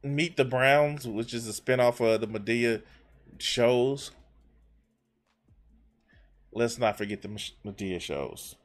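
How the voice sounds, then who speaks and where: A man's voice: medium pitch, slow pace, pauses often, soft background music. A man giving casual, blunt commentary while reacting to a podcast clip, with frequent swearing. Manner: blunt and profane.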